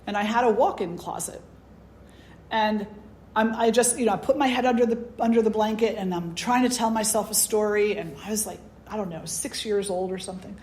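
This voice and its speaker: A woman spiritual teacher telling a personal story in a conversational, animated way, full of "you know"s. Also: mid-range voice, brisk, slight background noise. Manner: conversational, animated, many fillers. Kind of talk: storytelling talk.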